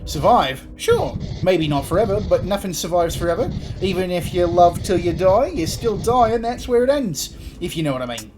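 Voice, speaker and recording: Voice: mid-range voice, lively intonation, moderate pace, background noise, voice pushed up, natural voice. A gamer voicing a cheery, clout-hungry male demon postman in a put-on New Zealand accent, eager and chummy. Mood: wistful. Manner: chummy, eager, calls people mate.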